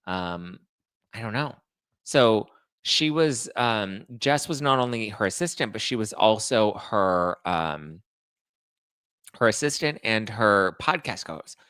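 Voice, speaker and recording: A man hosting a casual chat show, reading viewer comments aloud and answering them with sarcastic, animated remarks. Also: on the low side, slow, clean tone, no echo, studio quality. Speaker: host.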